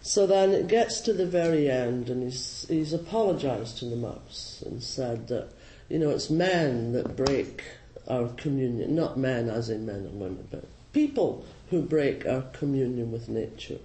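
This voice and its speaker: A man with a Scottish accent, a Zen teacher giving a slow, gently humorous and reflective dharma talk. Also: mid-range voice, animated, a little hiss or hum. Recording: roomy hall with faint ambience.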